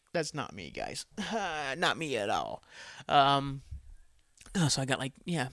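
A man talking alone on his podcast, drifting from one thought to the next and swearing all the way. His voice has a bright, forward edge at a middle pitch. The sound is dry and close, with no room around it. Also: very animated, normal speed, no room sound. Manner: rambling, profane, self-deprecating. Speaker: podcast host. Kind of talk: casual solo podcast chat.

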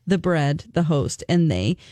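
A woman's voice: low voice, dry recording. A woman co-hosting a morning talk radio show, chatting expressively in a studio. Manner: expressive, animated, quick to laugh. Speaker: radio co-host. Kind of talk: casual radio chat.

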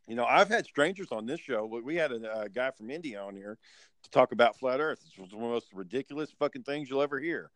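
A man's voice: medium pitch, animated, fast, a bit bright, dry recording. A man hosting a podcast in casual chat, a profane, rambling storyteller. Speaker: podcast host.

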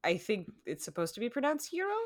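A woman's voice: fairly low pitch, animated, normal speed, no echo, clean studio sound. A woman co-hosting a podcast in casual chat, chatty, asking questions and laughing often.

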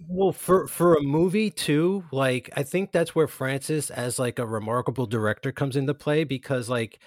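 A man's voice: mid-range voice, moderate pace, dry recording. Rambling young man with a dry close sound. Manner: rambling, lots of fillers and restarts. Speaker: podcast co-host. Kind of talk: casual chat.

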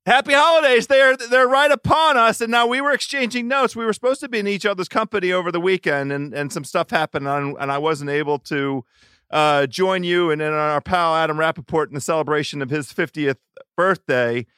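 High, bright-voiced male podcast host. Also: fairly quick, smooth, dry recording. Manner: animated, stumbles and repeats words. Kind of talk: casual podcast interview.

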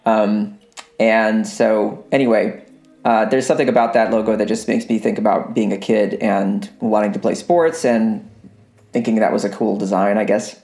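A man's voice: on the low side, moderate pace, a little mellow, faint music behind. A man chatting as a podcast guest, rambling and self-deprecating, laughing often. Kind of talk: casual chat. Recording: roomy echo.

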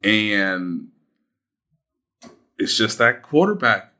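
A man's voice: sits low, animated, takes it slowly, fairly bright tone. A man co-hosting a casual sports talk show, reflective and hesitant with many fillers. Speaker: sports podcast co-host.

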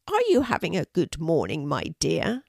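A warm, welcoming old lady in a children's storybook, speaking gently and kindly, as an older grandmother puts her on. It sounds close and dry. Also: deep voice, wildly swooping pitch, moderate pace, gravelly, breathy edge, dry recording, full character voice.

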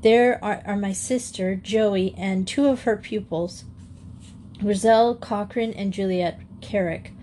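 Woman doing a young teacher lady, shaky but calm and gently firm, storybook voice. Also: mid-range voice, slow pace, a little hiss or hum, close to an everyday voice.

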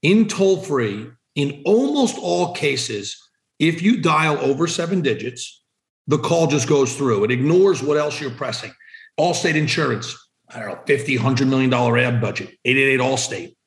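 A man's voice: mid-range voice, lively intonation, normal speed, roomy sound. A man answering podcast questions about business phone numbers in a direct, emphatic way. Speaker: vanity phone number seller. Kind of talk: conversational podcast interview answers.

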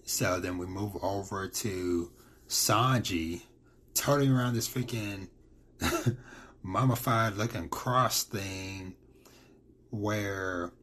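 A man's voice: fairly low pitch, takes it slowly, pauses often, fairly bright tone, slight background noise. A man giving a casual, rambling recap of manga chapters, full of fillers and quoted lines.

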